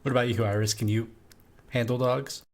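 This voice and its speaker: A man's voice: medium pitch, steady tone, a little fast, darkish tone. A man playing a tabletop game, hesitant and full of fillers. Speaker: player. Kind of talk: casual tabletop play.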